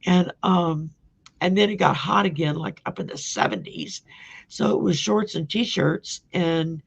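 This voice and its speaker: A woman from Louisiana with a Cajun accent hosting a casual live video chat, hoarse from a sore throat, chatty and rambling with frequent laughs. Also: fairly low pitch, unhurried, muffled recording. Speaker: host.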